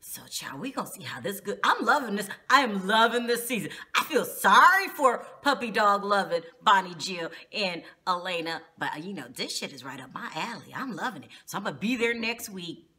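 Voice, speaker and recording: Woman vlogger, casual gossipy TV recap, bright lively voice, laughs a lot. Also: mid-range voice, moderate pace. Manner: gossipy, laughs often, slangy.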